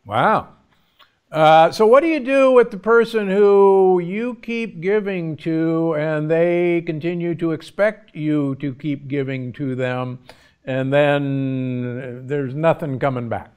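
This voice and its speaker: A man hosting a podcast interview, asking questions in a measured, deliberate way. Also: fairly high pitch, darkish tone, clean tone. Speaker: podcast host.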